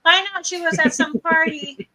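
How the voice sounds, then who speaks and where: A woman's voice: extremely high pitch, steady tone, normal speed, bright, forceful tone, low-quality recording. An older woman hosting a livestream, telling a funny family story casually and laughing often as she goes. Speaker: livestream host. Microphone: streaming mic.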